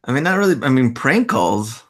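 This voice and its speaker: A man's voice: medium pitch, big pitch swings, fairly quick, fairly bright tone. A man guesting on a podcast, giving brief, easygoing replies. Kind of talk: casual podcast chat.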